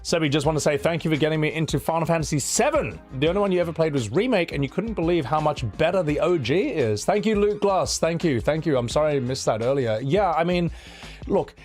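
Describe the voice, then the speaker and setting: A male streamer in casual live-stream chat, with a slightly high voice. He talks in a blunt, profane, opinionated way, rambling and restarting his sentences, over faint background music. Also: lively intonation, quick pace, a little mellow.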